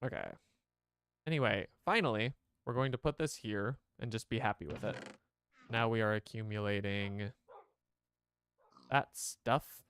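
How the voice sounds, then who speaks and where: A man's voice: on the low side, unhurried, long pauses, fairly bright tone, a little hiss or hum. A man streaming a game, chatting casually to his viewers and rambling as he plays. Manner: rambling, chatty, talks to chat.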